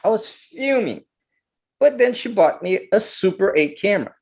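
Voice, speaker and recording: A man from Brazil, a guest filmmaker telling stories in an interview, animated and often repeating words as he goes. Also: sits high, normal speed, vocal fry. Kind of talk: storytelling interview.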